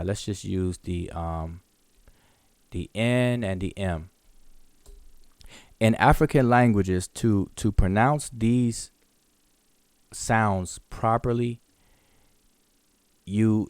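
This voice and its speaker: A man's voice: lowish voice, darkish tone, dry recording, studio quality. A man teaching in a live online question session, explaining patiently, repeating and restarting words and sounding out examples. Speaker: hieroglyphics teacher.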